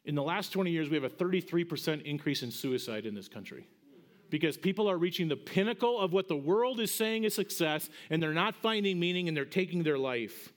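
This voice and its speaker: A middle-aged pastor preaching in a lively, conversational way, his voice sitting high for a man. He pushes up into bright, emphatic peaks as he drives a point home, then drops back to easy storytelling. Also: fairly quick. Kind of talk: sermon.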